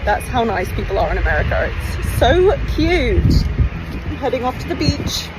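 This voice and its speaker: A young woman giggly and excited, filming a casual vlog while out and about. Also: fairly high pitch, normal speed. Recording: loud street and car noise.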